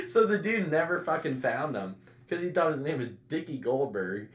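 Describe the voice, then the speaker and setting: A man telling a funny story in casual chat, breaking into loud shouted impressions. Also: on the high side. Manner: animated, loud shouted impressions of his dad's friends. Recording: echoey room.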